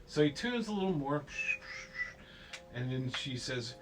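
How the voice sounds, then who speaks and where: A man's voice: on the high side, animated, a little slow, pauses often, slight background noise, low-quality recording. A man casually retelling a film story to a child at home, playful and rambling, slipping into goofy voices.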